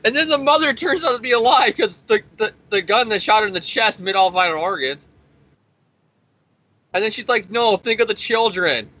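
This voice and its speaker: A man's voice: sits high, fairly quick, bright, forceful tone. A man recapping a comic issue in a rambling, profane, sarcastic way, as the host of a review show. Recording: dull lo-fi recording.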